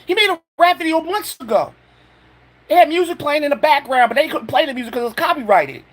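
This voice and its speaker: A man's voice: very high voice, expressive, fast talker, fairly bright tone. A man ranting furiously to camera in a home vlog, profane and stammering with anger. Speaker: vlogger.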